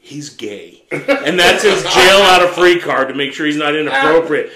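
A podcast host, a man with a fairly high voice, tells a crude story among friends at a moderate pace, swearing a lot and laughing as he goes in an animated way. The low-quality recording has an echoey room sound.

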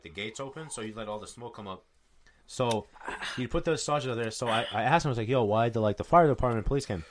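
A man hosting a podcast, telling a rambling story in loose casual chat with plenty of swearing. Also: mid-range voice. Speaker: podcast host.

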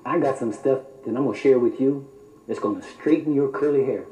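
A man's voice: mid-range voice, dark tone. Emphatic preacher man in a roomy church. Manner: emphatic, mock-approving, drawn-out quoting. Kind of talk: sermon. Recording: roomy church hall, faint noise.

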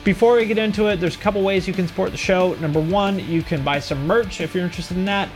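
A man hosting a podcast, talking in a casual, energetic way as he introduces the episode and its sponsors. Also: high voice, quick pace, faint music behind. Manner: energetic, conversational, promotional read. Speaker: podcast host.

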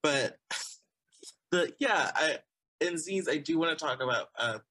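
Male podcast guest from Texas, bright voice, dry close sound, rambling casual chat. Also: fairly high pitch, lively intonation, measured pace, dry recording, low-quality recording. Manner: chatty, repeats phrases, laughs often.

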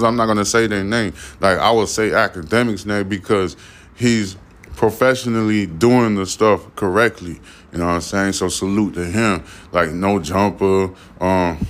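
A man's voice: on the low side, fairly bright tone. A man hosting a podcast, giving blunt, profane commentary full of fillers and repeats. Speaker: podcast host. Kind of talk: casual commentary.

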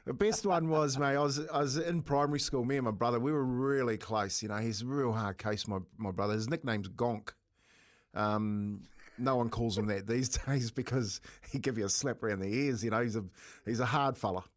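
A middle-aged man with a New Zealand accent spins a long, rambling yarn on air. He keeps breaking into laughter and calls his co-host "mate" every few lines. His voice sits at an ordinary pitch, in a relaxed, chatty radio manner. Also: moderate pace. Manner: chatty, laughs often, says "mate" a lot. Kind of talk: casual radio banter and storytelling.

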